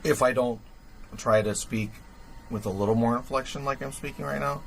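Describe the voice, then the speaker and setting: A man's voice: mid-range voice, moderate pace, gravelly, slight background noise, low-quality recording. A man hosting a livestream, thinking aloud with lots of fillers while he tinkers with gear. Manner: thinks aloud with many fillers, chuckles at himself. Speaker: livestream host. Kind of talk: rambling casual livestream chat.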